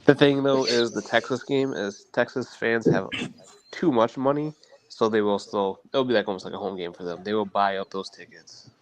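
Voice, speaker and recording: A man's voice: lowish voice, steady tone, normal speed, a little hiss or hum, poor audio. A man on a sports podcast panel, dry and teasing in his trash talk. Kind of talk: casual sports podcast chat.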